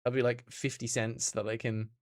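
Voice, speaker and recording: A man's voice: medium pitch, level tone, normal speed. An Australian man streaming games, chatting casually and answering his chat as he plays.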